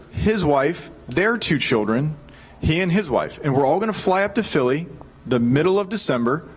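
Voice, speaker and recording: A man, preaching a sermon in a casual, animated storytelling way and acting out what people said. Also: high-pitched, poor audio. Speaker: pastor.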